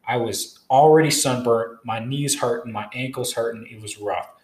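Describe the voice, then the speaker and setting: A man's voice: medium pitch, normal speed. A young man telling a story casually, rambling and cursing often as he goes. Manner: rambling, profane, animated retelling. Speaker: storyteller vlogger. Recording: echoey room.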